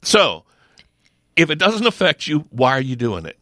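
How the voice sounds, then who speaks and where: A man's voice: fairly high pitch, very animated, normal speed, sharp tone, no echo. A middle-aged man, a sheriff's office lieutenant, speaking in a casual studio chat, emphatic and full of rhetorical questions and restarts. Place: radio studio. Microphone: close studio mic.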